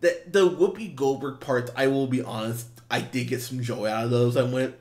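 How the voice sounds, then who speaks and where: A man's voice: moderate pace, a little mellow. A man co-hosting a movie podcast, talking in a casual, exasperated way with lots of swearing and restarts. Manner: acts out quotes in high mocking voices. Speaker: podcast co-host, film reviewer. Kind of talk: casual chat.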